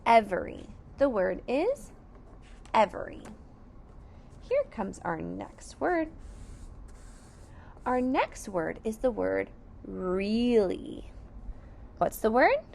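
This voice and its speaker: A woman teaching young children to read, sounding out words letter by letter at a very slow, careful pace. Her voice is somewhat high and swings widely in pitch. A gravelly edge runs under her words. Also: very animated, darkish tone, a little hiss or hum. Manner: sounds out letters and syllables one by one, praising. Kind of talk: slow, deliberate phonics lesson for young children.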